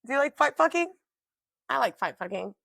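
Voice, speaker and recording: Loud, swearing young woman in her twenties. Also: sits high, big pitch swings, fairly quick, vocal fry, no room sound. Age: 20s. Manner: loud, boisterous storytelling with lots of swearing and laughter. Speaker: podcast co-host. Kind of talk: casual chat.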